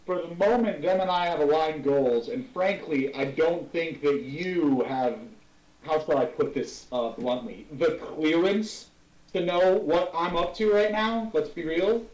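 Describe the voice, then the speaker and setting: A man's voice: fairly high pitch, measured pace, darkish tone, roomy sound, far from the mic, close to an everyday voice, rough recording. A man voicing a brash, arrogant devil commander who talks in crude slang. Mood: smug.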